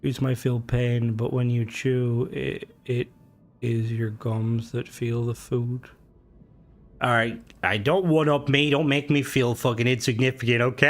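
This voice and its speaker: A young Irish man chatting on a game stream in a jokey, profane way. His voice sits at a middle pitch for a man and leaps much higher whenever he gets excited or indignant. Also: a little slow. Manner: jokey and profane, voice jumping high when worked up. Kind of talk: casual live-stream chat, reading comments.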